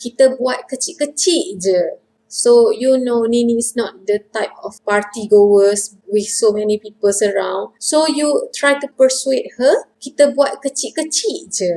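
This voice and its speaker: A woman with a fairly high voice teaches in English, her first language being Malay. She breaks phrases down word by word and repeats the examples with lively intonation. Her delivery is patient and casual. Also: a little slow, poor audio. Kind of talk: casual spoken lesson.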